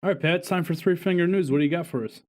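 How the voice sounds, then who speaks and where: A man's voice: high-pitched, rapid-fire. Bickering man hosting a casual podcast. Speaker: podcast host. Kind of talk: casual chat.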